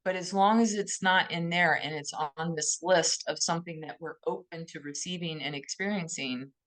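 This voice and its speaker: A woman co-hosting a podcast, speaking in a thoughtful, gently emphatic way and often posing questions to herself. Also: fairly low pitch, normal speed. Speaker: podcast co-host. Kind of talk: reflective conversational podcast talk.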